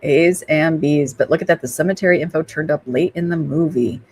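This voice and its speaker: A woman's voice: sits low, brisk, darkish tone, husky. A woman co-hosting a paranormal trivia stream, chatting casually and reading out questions to viewers in an upbeat way. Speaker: co-host of a paranormal trivia show.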